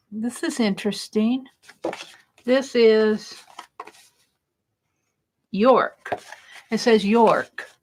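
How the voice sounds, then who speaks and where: A woman's voice: medium pitch, a little hiss or hum. A woman hosting a casual crafting live stream, exclaiming over mail and greeting viewers in chat.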